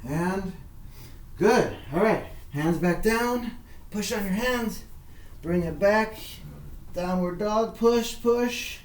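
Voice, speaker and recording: Man as a kids' yoga teacher, unhurried, slightly high voice, encouraging repeated cues, echoey room with a distant mic. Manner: encouraging, repetitive coaching cues. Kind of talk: guided workout instruction.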